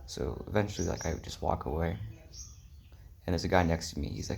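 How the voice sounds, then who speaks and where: A man's voice: deep voice, fast talker, gravelly, darkish tone, a little hiss or hum. A young man telling a rambling travel story in a casual vlog, full of "like" and "um", slipping into whispery asides. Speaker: travel vlogger.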